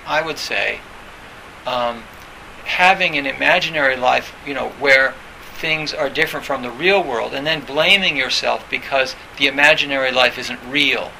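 A man with a gravelly, very bright voice gives a loose, conversational dharma talk. He is full of fillers and restarts, and now and then acts out the voices he quotes. A faint hiss sits under the recording. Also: mid-range voice, rough recording. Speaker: meditation teacher.

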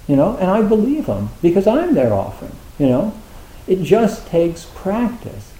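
Male Zen teacher, relaxed warm tone, chatty dharma talk with many fillers, echoey room. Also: high voice, moderate pace. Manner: conversational, acts out students' thoughts, many fillers.

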